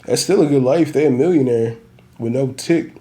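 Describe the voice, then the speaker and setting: A young man hosting a podcast on his own, ranting loudly in casual slang with plenty of swearing and frequent laughter. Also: medium pitch, moderate pace. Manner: loud and animated, laughing often, swearing, slangy. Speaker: podcast host. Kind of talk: casual solo rant.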